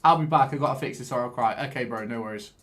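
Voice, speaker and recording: Excitable lad streaming a game. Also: male voice, medium pitch, quick pace. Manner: excitable, swears, chats with viewers. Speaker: live streamer. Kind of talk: casual live-stream commentary while gaming.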